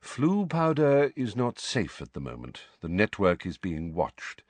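A man reading an audiobook and voicing an elderly headmaster wizard who speaks in a measured, quiet, authoritative way. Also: on the low side, wildly swooping pitch, dry recording, heavily acted. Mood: grave. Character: calm, grave elderly male headmaster wizard.

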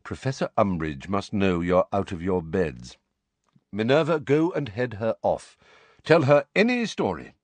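A man reading an audiobook and voicing an elderly headmaster wizard who speaks in a measured, quiet, authoritative way. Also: on the low side, sing-song, no echo. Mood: urgent calm. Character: calm, grave elderly male headmaster wizard.

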